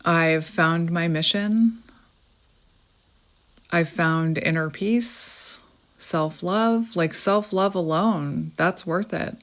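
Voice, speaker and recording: This tarot reader, a woman in her thirties with a Canadian accent, speaks extremely slowly in a voice on the low side. Her spiritual reading for viewers is gentle and reflective, meandering along with fillers.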